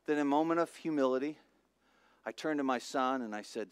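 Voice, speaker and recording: A middle-aged man, a pastor, preaching a sermon with lively storytelling that swings between hushed and loud. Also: medium pitch, a little fast, pauses often, clean tone. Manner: animated storytelling, acts out voices, swings from soft to loud.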